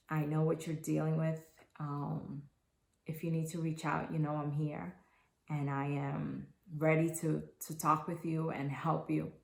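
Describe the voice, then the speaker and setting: A woman in her thirties telling her own story to camera, earnest and halting, with many restarts. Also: low voice, vocal fry. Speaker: mother sharing her postpartum story. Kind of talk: personal testimonial to camera. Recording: echoey room.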